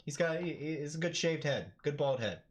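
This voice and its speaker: A man doing live play-by-play commentary on an MMA fight for his stream, talking casually and yelling with excitement at the big moments. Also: a little high, fairly quick.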